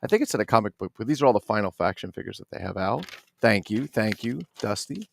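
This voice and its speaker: A man from New Jersey chatting casually about his toy collection, animated and swearing freely with jokey asides. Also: fairly low pitch, fast talker, vocal fry. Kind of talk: casual unboxing chat.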